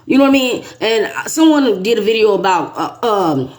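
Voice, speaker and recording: A woman, the host and a teacher, chatting casually with a guest as an animated, emphatic storyteller. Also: medium pitch, moderate pace.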